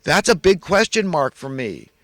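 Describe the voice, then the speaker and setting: A man from the United States giving an impassioned monologue, moving from loud urgent preaching to quiet, earnest confession. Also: on the high side, very animated, moderate pace, dry recording, clean studio sound. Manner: religious, ranting about elites. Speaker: channel host.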